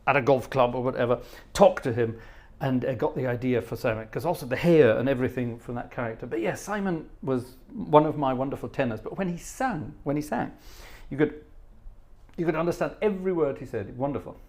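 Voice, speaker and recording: A man's voice: medium pitch, a little fast. Chatty middle-aged male organist telling stories. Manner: chatty storyteller who hums choir parts and mimics voices. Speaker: organist and choir director. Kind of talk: casual anecdotal chat during a live stream.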